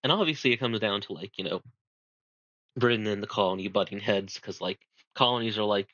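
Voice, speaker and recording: A man's voice: lowish voice, moderate pace, pauses often, a bit bright, no room sound, muffled recording. Man giving a rambling history talk. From United States. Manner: rambling, self-deprecating, many fillers. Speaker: amateur presenter. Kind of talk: casual history presentation.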